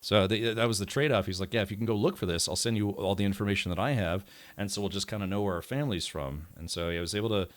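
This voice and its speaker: A man's voice: on the low side, fast. An American man commentating his gameplay live, chatty and rambling with many asides. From United States. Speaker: game streamer.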